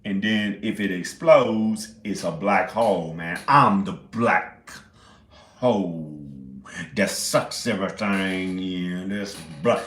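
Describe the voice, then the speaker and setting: A man's voice: sits low, takes it slowly, a bit bright. A man in his forties rambling in a casual monologue, often laughing and swearing. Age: 40s. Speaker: indie filmmaker. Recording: roomy echo.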